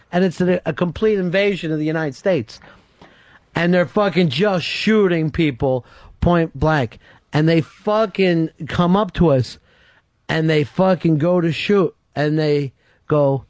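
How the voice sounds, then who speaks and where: A man hosting a radio talk show, telling a story in an animated way, swearing constantly and laughing through it, on a studio microphone. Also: a little high, measured pace, dry recording. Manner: profane, laughs through his own story.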